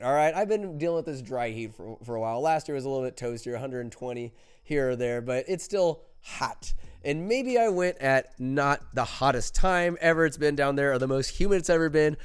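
A man's voice: mid-range voice, a little fast, clear, resonant tone. A man hosting a podcast, telling a comedic travel story in a profane, emphatic, rambling way. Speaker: podcast host. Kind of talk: casual comedic storytelling monologue.

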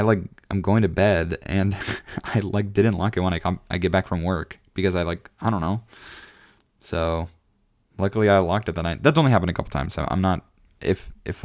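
A young man telling a story in a casual, rambling way, full of fillers and laughs, with bursts of animated disbelief. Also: low voice. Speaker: vlogger.

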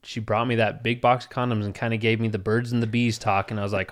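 Laid-back low-voiced man telling stories. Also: fast talker, few pauses. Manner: rambling, laughs often, animated when quoting others. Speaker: podcast co-host. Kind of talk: casual storytelling chat.

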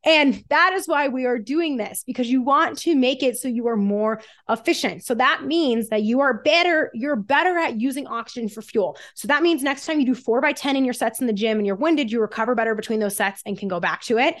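A woman's voice: a little high, fairly quick, hardly any pauses, fairly bright tone. A woman guest on a fitness podcast, energetically explaining exercise science with everyday analogies.

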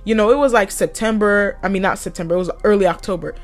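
A woman's voice: mid-range voice, fast talker, faint music behind. A young adult woman hosting a podcast, telling a work story in a casual, heated rant full of swearing. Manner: profane, heated and blunt, with laughs. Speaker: podcast host.

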